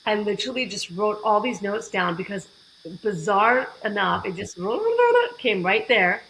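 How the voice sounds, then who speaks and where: A woman guest on a podcast, telling her story in a lively way and acting out the dialogue she quotes. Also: mid-range voice, unhurried, creaky, slight background noise, rough recording. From United States. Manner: animated, acts out quoted dialogue. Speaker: fitness program founder, guest.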